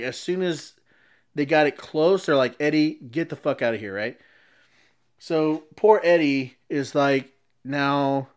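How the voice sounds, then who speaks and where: A man's voice: mid-range voice, clean tone. A man casually telling a long story, often restarting sentences as he explains.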